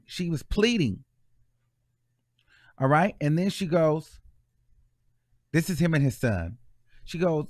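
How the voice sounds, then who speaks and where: Male gossip host, casual and chatty with lots of fillers, slightly high voice, dry recording. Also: very animated, a little slow, pauses often, no room sound. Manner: chatty, filler-heavy, reacts while scrolling posts. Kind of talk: casual celebrity gossip commentary.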